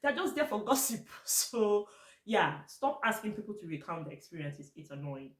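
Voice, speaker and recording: A woman's voice: mid-range voice, sing-song, normal speed, echoey room. A Nigerian woman vlogging to camera in a casual, blunt and exasperated way, slipping into Pidgin now and then.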